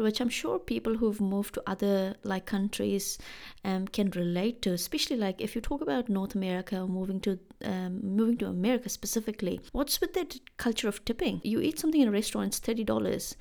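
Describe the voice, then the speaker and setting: A young woman from India speaks in a casual podcast monologue. Her voice has a touch of creaky fry, and she slips into playful quoted dialogue as she goes. Her pitch sits in an ordinary middle range. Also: darkish tone. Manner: chatty, acts out quoted dialogue with laughing asides. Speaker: podcast host.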